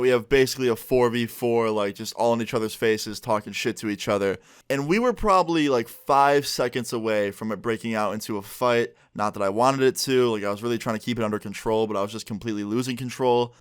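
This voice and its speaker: A young man telling a story-time vlog in a casual, joking way, swearing freely and getting animated. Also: mid-range voice, clean tone. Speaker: storyteller vlogger.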